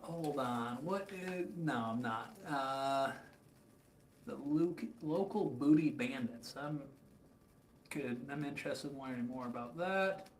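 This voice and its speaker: A man's voice: medium pitch, slow. Guy from michigan cooking live, chatty and joking around, kinda echoey room with a little hum behind. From Michigan, USA. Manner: rambling, joking asides while answering chat. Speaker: cooking streamer. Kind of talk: casual cooking livestream. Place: hotel room kitchen. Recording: roomy with faint ambience.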